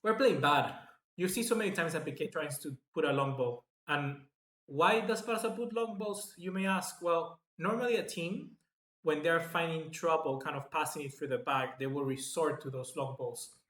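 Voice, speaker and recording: A man hosting live football match reaction commentary, chatty and excitable, reading out viewer comments. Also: on the high side, normal speed. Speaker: football fan channel host. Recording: echoey room.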